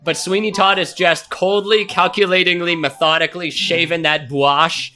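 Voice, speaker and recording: A man narrating a scene excitedly during a live improv comedy show. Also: high-pitched, moderate pace, soft background music. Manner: excited, lively storytelling.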